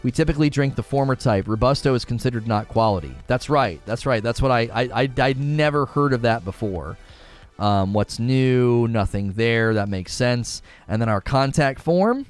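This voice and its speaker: A man's voice: mid-range voice, expressive, moderate pace, soft background music. A man live-streaming, chatting casually and reading viewer comments as he rambles with frequent restarts. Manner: rambling, reads chat aloud, many restarts.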